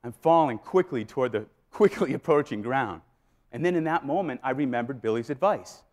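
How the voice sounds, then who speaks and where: A man giving a motivational keynote speech, telling a story with lively re-enactments to a live audience. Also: a little high, a little fast. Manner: animated, acts out scenes and voices. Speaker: keynote speaker. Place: live event before an audience.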